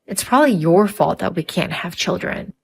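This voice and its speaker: A woman's voice: on the low side, measured pace. A woman voicing a hot-tempered young husband who sides with his mother in a narrated story. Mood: angry. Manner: snappish, blaming.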